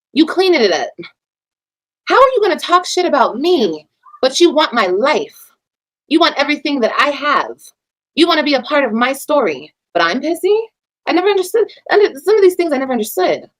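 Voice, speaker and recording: A mother on a livestream, ranting about her critics in a heated, profane way and lecturing her viewers. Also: poor audio. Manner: heated, profane, preachy, swings between loud and low. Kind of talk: casual livestream rant.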